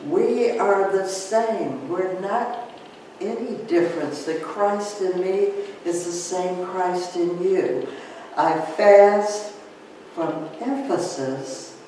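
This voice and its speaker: A man guides a meditation at a very slow, calm pace, repeating each phrase after long pauses. His voice sits a little high. He is recorded from a distance in a very echoey room with a faint hiss behind him. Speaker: church leader guiding a Lent meditation. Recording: roomy, from a distance, with faint noise.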